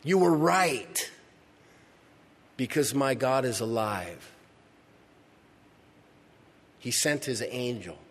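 A man preaching, voicing a faithful prophet who speaks with calm assurance in short, emphatic statements. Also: mid-range voice, drawn-out words, long pauses, in a large hall, full character voice. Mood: assured.

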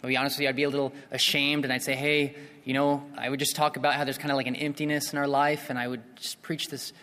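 A man's voice: mid-range voice, little pitch movement, fast, bright, forceful tone. A man preaching an evangelistic sermon, earnest and repeating himself, rising into impassioned appeals. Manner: repeats and restarts phrases. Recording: long reverb of a hall.

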